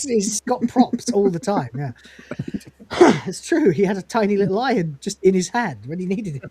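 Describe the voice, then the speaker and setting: A woman's voice: medium pitch, lively intonation, unhurried, dark tone, a little hiss or hum. A woman co-hosting a casual review chat who retells scenes, quoting the lines in character and laughing often. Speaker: podcast co-host reviewing episodes.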